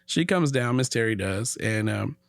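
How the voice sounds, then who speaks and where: A man's voice: mid-range voice, normal speed, creaky. A middle-aged man telling a long story in a casual conversation, acting out the voices of the people in it. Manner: animated storyteller, acts out quotes. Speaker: podcast guest.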